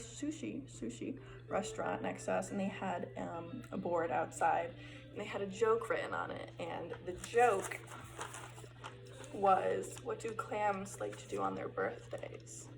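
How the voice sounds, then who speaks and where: A woman's voice: mid-range voice, gravelly, poor audio. A woman student giving a casual recorded class presentation, chatty and loose, with filler words and restarts.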